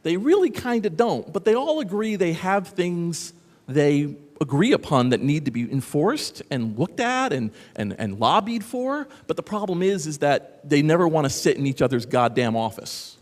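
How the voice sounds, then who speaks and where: A man's voice: fairly high pitch, moderate pace. Sarcastic guy giving a conference talk, voice swings all over, big echoey hall. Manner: sarcastic, animated, rambling with asides. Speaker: conference speaker.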